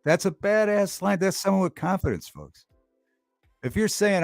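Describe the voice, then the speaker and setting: A man's voice: on the high side, very animated, normal speed, gravelly, dry recording, clean studio sound, faint music behind. A man hosting a livestream talk show, chatting casually, reading the chat aloud and repeating favorite movie lines with relish.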